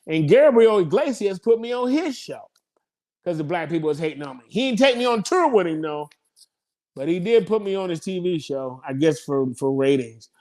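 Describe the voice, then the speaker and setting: A comedian spins stories in a loose, profane interview style. He laughs between rambling asides. His voice sits a little higher than most men's. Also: animated, moderate pace, a little mellow. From United States. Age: 50s. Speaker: comedian guest. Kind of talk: casual interview storytelling.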